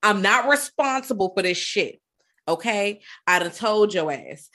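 A woman's voice: mid-range voice, lively intonation, a little slow, pushed and bright. A woman voicing a pushy, sassy male doll salesman who gives a blunt, profane warning. She acts the part out as she retells a film on a podcast.

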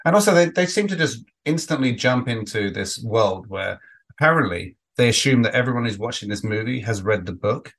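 A man's voice: mid-range voice, expressive, fairly quick, a bit bright. A man co-hosting a casual podcast chat, rambling with frequent restarts and some swearing. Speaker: podcast co-host.

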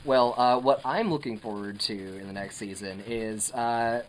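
A woman co-hosting a podcast in relaxed casual chat, hesitating with uh between thoughts. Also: rumbling low, unhurried, a little hiss or hum, low-quality recording. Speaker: podcast co-host.

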